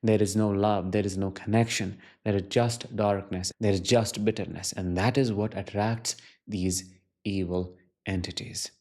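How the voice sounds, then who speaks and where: Earnest man with a mellow voice. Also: lowish voice, fairly even intonation, unhurried. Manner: earnest, reflective, with rising emphatic questions. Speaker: self-help channel host. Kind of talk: personal storytelling monologue to camera.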